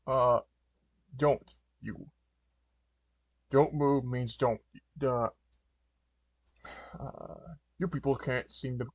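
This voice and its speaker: A menacing electric-powered supervillain barks orders and sneers at his foes, voiced by a man reading a fan story aloud. He leans loud and blunt, close and dry, with a stumbling, repetitive delivery. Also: medium pitch, no echo. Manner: barking, threatening, repeats himself.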